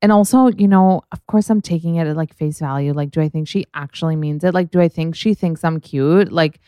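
A woman's voice: sits low, fairly quick, dark tone, smooth, dry recording. A young woman hosting a podcast in casual chat, gushing, swearing a lot and saying "like" constantly. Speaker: podcast host.

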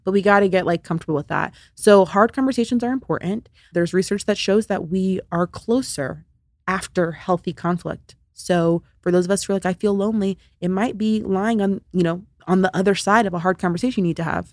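A woman talking as a podcast guest and friendship coach, lively, acting out the lines she quotes. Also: mid-range voice, brisk, dry recording. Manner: animated, acts out quoted lines. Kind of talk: conversational interview.

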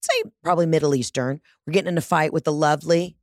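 A woman casually telling a comic story, animated and profane, acting out what people said. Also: low voice, fast, dry recording, studio quality. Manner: animated, profane, acts out quotes.

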